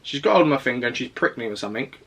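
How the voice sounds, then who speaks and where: A man's voice: mid-range voice, animated, very fast, a bit bright. A young man, casually recounting a personal story to camera in a rambling, self-deprecating way. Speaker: fitness vlogger.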